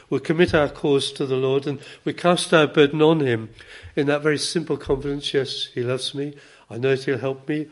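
A man preaching a sermon in a measured, earnest way, with gentle emphasis. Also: mid-range voice.

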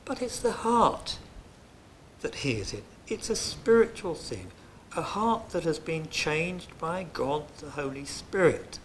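A man delivers a sermon, his voice sitting a bit high for a man. He swings from quiet, hushed phrases to loud, emphatic declarations. A faint low rumble hums in the background. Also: animated, slow. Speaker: preacher.

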